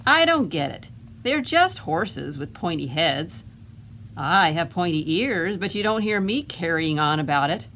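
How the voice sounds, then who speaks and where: A woman's voice: lowish voice, very animated, unhurried, a bit bright, a little hiss or hum. A woman reading as a grumpy, jealous goblin. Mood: grumbling. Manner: indignant, sarcastic complaining. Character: grumpy jealous male goblin, self-important. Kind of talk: read-aloud picture book narration.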